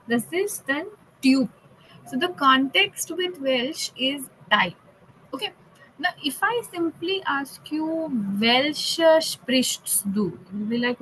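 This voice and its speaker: High-voiced woman teaching German slowly. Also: fairly bright tone, a little hiss or hum, rough recording. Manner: explains patiently, often checking understanding with "okay"; switches between English and German. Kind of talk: online classroom teaching.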